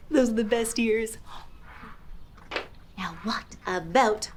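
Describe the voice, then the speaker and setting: A woman's voice: a little high, extremely slow, long pauses. A young woman hosting a toddler learning show, playful and exaggerated, spelling words letter by letter with laughs and gasps. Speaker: children's educational host. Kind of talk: slow, sing-song toddler teaching with animal sounds.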